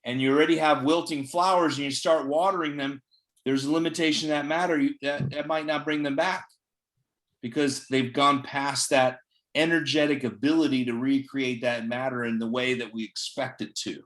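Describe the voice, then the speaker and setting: A man's voice: medium pitch, fairly even intonation, moderate pace, fairly bright tone. A man leading a casual group discussion over a video call, upbeat and enthusiastic. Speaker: discussion leader.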